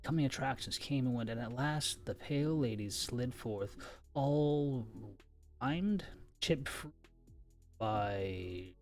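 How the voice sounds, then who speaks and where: A man's voice: mid-range voice, animated, slow. Male streamer reading a novel aloud. Mid-range voice, casual delivery, trips over words, faint music behind. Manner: stumbles over words and breaks off with offhand asides. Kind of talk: live-stream read-aloud.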